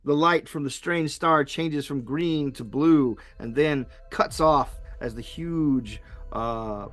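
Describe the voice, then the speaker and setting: A man narrating a tabletop game as game master, halting, with many fillers and restarts. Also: fairly high pitch, a bit bright, faint music behind.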